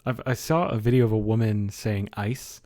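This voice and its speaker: A man's voice: fairly low pitch, normal speed, dark tone. A young man streamer in casual livestream chat, joking and laughing often.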